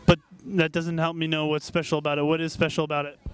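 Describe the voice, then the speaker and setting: A man's voice: a little high, little pitch movement, quick pace. A man hosting a camp video, playfully interviewing children with teasing, mock-serious questions. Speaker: camp video host asking kids questions. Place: at a summer camp.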